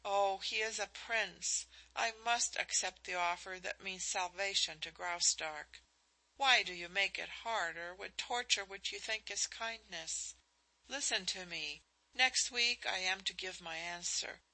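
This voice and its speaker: A woman reading the part of a young princess who speaks in a low, steady, resigned way. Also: measured pace, poor audio. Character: young princess, dutiful and despairing.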